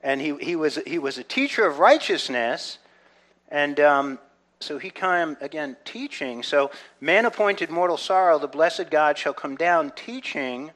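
A man giving a conversational Bible teaching, earnest, often checking in with the listeners and swinging between soft reflection and loud excitement. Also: on the high side, measured pace.

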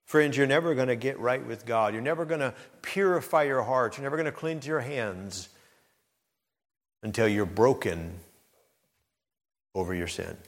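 A man's voice: medium pitch, animated, unhurried, pauses often. A male preacher delivering a sermon in a hall with a long, lingering reverb. His voice sits in an ordinary middle register. He speaks straight to the congregation, pressing each point with building intensity. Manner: preaching with surging intensity, rising to near-shouted emphasis.

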